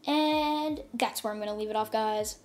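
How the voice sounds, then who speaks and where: A woman's voice: a little high, moderate pace, darkish tone. Rambling woman retelling a fan story. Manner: rambling, full of "like" and "and stuff". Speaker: channel host. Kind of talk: casual fan-story narration. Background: faint music.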